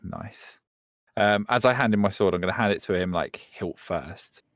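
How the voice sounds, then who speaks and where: Male player, deep voice, close dry sound, rambling and excitable. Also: moderate pace, dry recording. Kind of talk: casual tabletop game chat.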